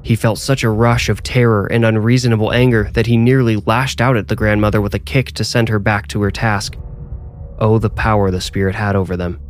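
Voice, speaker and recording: A man reading a scripted horror story in a measured, suspenseful way. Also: fairly low pitch, flat delivery, soft background music. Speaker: narrator and author.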